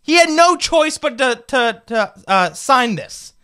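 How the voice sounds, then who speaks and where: Bright-voiced young man ranting. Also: very high-pitched, very animated, slow pace, clear, resonant tone. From United States. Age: 20s. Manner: fired-up, indignant, rhetorical questions. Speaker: political commentator. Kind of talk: opinion rant to camera.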